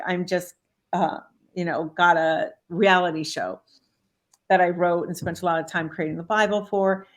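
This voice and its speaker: A middle-aged woman, a life coach and author, telling stories as an interview guest, often acting out quoted voices and saying "you know" a lot. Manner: animated, acts out quoted voices with big pitch jumps; many fillers like "you know". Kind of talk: casual interview storytelling.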